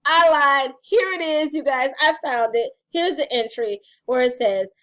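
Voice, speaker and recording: A woman's voice: high voice, a little slow, fairly bright tone. A middle-aged woman vlogging about her gratitude journal in casual, playful chat, calling her viewers y'all.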